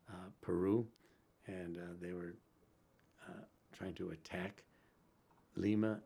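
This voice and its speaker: A man, a priest guest-hosting a Catholic radio talk show, telling saint stories in a halting way with many fillers and restarts. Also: sits low, creaky, a little mellow, breathy edge.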